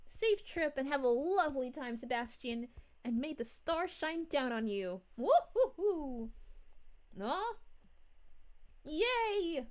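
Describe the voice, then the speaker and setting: Woman as a sweet, giggly princess streamer, high and lilting, easygoing pace. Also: big pitch swings, full character voice. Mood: cheerful. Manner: bubbly, giggly, drawn-out "ooh"s. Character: bubbly cheerful young princess, sweet and giggly. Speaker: VTuber streamer. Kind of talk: live stream chat reading in character.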